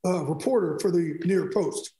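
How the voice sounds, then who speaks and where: A middle-aged man speaks at normal speed in a fairly high voice, a sports broadcaster guest telling stories in a casual interview. He's animated, acting out conversations in quotes, and the room is echoey.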